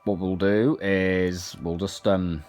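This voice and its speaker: A man's voice: low voice, little pitch movement, slow pace, a little mellow, faint music behind. A man casually reviewing an action figure, chatting as he demonstrates its parts. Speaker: toy reviewer.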